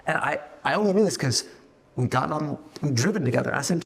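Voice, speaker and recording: A middle-aged man, a company founder, talking fast and casually to his staff, swearing freely and acting out little voices as he goes. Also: medium pitch, vocal fry, husky, in a large hall. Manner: fast, profane, animated, acts out voices. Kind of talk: casual meeting talk to staff.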